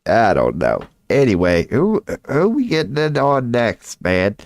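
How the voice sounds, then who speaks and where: A man's voice: mid-range voice, wildly swooping pitch, a little slow, no echo. A man riffing casually and profanely on a home webcam stream, joking loosely and slipping into silly voices. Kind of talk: rambling casual stream talk. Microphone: webcam mic.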